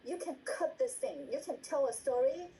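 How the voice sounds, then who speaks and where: Trainer: woman, dark-toned and repetitive, acts out examples, video-call sound with faint hiss. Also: sits high, moderate pace, creaky, poor audio. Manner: repeats words, asks "right?" often, acts out example lines. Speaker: meeting trainer. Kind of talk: instructional talk on a video call.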